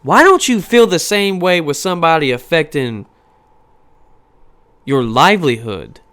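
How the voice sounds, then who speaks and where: In a clear, resonant, fairly high voice, this thirty-something man hosts a podcast and lets loose with a profane rant. He keeps a measured pace while throwing out one rhetorical question after another, animated throughout.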